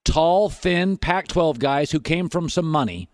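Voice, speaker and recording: Emphatic and argumentative, this man hosts sports talk radio with a slightly higher voice than most men. He drops in sarcastic asides as he builds his case. His studio mic sounds close and dry, with no room echo. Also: lively intonation, unhurried. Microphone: studio microphone.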